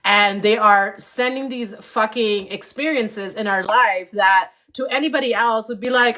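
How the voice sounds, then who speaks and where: A woman's voice: a little high, measured pace, few pauses, pushed and bright. A young adult woman hosting a spiritual live stream with tarot readings, talking passionately and casually, swearing often and acting out playful impressions.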